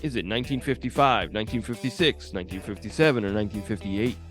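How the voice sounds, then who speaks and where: A man's voice: fairly low pitch, quick pace, faint music behind. A man co-hosting a podcast, chatting casually, joking, laughing often and swearing. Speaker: podcast co-host. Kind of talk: casual chat.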